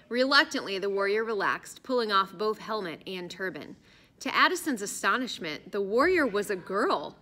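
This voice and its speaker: A woman narrates an adventure story with an expressive, storytelling delivery. Her voice is bright and sharp. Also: mid-range voice. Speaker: audiobook narrator. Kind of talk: scripted narration.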